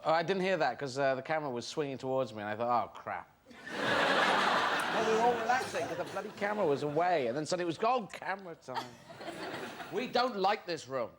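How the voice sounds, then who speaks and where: Mock-grumpy male comic, high-pitched and swearing, loud studio crowd. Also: animated, fast talker, very noisy. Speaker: guest comedian. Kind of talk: comic rant. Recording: off-mic across studio with loud audience.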